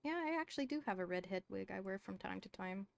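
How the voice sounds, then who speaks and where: A woman chatting in character in a roleplay game, trading dry, deadpan quips. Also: medium pitch, quick pace, vocal fry. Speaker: roleplay player playing a doctor.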